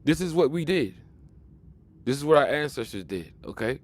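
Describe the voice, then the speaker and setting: Emphatic preachy man, mid-pitched voice. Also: animated, normal speed. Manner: emphatic, preachy, repeats and restarts words. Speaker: video commentator. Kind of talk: casual monologue.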